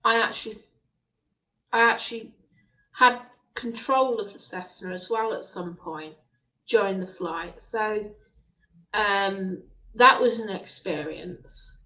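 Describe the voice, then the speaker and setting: A woman speaks very slowly in a bright, sharp voice. She chats casually late at night and pauses often to search for words. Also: medium pitch, low-quality recording. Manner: hesitant, with fillers and restarts. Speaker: co-host of a live stream.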